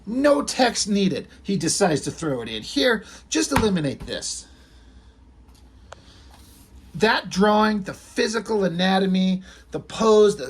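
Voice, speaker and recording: A man's voice: high voice, breathy edge. A man reviewing a comic book in a casual vlog, ranting with profane exasperation.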